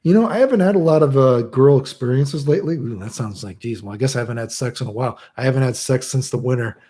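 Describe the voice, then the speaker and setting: A man's voice: medium pitch, quick pace, dark tone. A young man chatting casually as a streamer answering chat, crude and rambling, swearing a lot.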